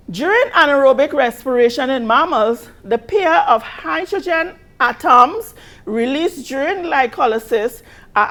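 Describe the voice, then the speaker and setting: A woman with a Caribbean accent teaches a biology exam review. Her voice sits high and carries a gravelly edge. She rereads each question slowly and presses on the key words. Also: a bit bright. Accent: Caribbean English. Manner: patient, repeats questions slowly with emphasis.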